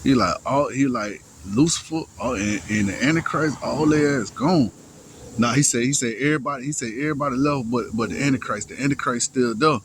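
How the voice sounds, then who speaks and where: A young man telling a personal story in casual first person, halting and slangy, full of restarts, sighs and profanity. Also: mid-range voice, noisy background.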